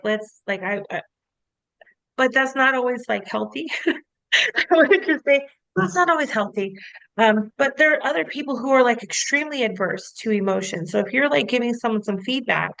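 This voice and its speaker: A woman co-hosting a casual podcast as a coach, talking in an animated, storytelling way, full of "like" fillers and easy laughs. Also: on the high side, vocal fry, no room sound, low-quality recording.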